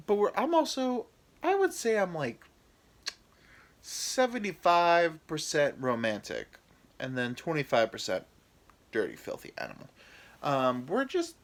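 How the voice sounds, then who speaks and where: Lively, self-deprecating man rambling. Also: a little high, measured pace. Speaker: podcast host. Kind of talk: rambling comedic storytelling.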